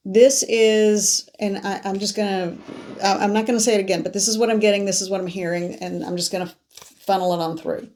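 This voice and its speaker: A woman's voice: medium pitch, steady tone, brisk, a little mellow. Woman giving a spoken card reading. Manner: musing, talks through her cards aloud. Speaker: psychic card reader. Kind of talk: spoken tarot reading to viewers.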